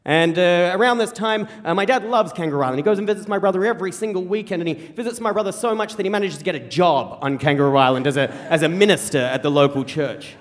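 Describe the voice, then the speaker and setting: A young Australian man from rural South Australia telling a funny personal story on stage, animated and self-mocking, repeating himself as he rushes. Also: sits high, in a large hall. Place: stage before an audience.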